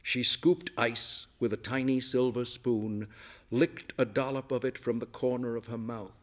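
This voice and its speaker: A man reading a story aloud in scripted narration, measured and unhurried. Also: mid-range voice, little pitch movement. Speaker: audiobook narrator.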